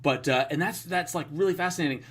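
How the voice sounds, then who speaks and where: A man's voice: on the high side, fast, a bit bright. Rambling, enthusiastic podcast man. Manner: rambling, enthusiastic, many fillers. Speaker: podcast co-host. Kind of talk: casual podcast chat.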